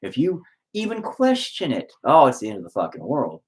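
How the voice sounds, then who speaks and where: A man's voice: wildly swooping pitch, moderate pace. Heated, swearing man ranting with feeling. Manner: heated, profane, swings between loud outbursts and low mutters; emotional, close to tears at times. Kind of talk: unscripted rant to camera.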